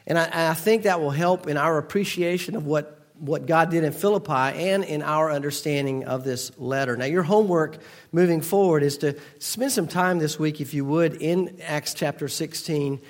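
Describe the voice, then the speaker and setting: A man's voice: on the high side, moderate pace. A man pastor giving a conversational sermon, prompting his congregation to finish familiar verses. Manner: conversational, engaging the congregation with call-and-response. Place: church sanctuary.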